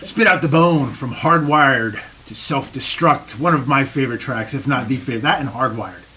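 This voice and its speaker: A man's voice: medium pitch, moderate pace, sharp tone. A man hosting a radio show from a studio, joking and swearing in casual chat with his guests. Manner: rowdy, joking, profane. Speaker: radio host.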